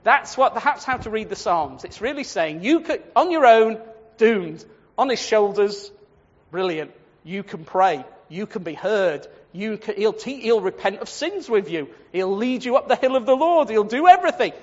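A man preaching a sermon on the Psalms, lively and animated, acting out quoted voices and laughing at his own points. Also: sits high, moderate pace. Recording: dull lo-fi sound with long hall reverb.

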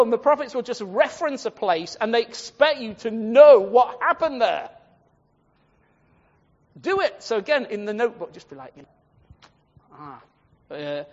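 A man giving a chatty, rambling Bible study talk, often turning to his listeners directly. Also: sits high. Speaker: Bible teacher. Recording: dull, muffled, long hall echo.

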